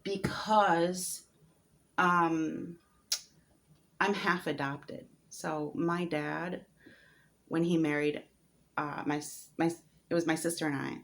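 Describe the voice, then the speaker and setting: A woman's voice: low-pitched, steady tone, takes it slowly, creaky, long pauses. A woman telling her own story in a vlog, hesitant and candid, with many fillers and some laughs. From United States. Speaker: vlogger.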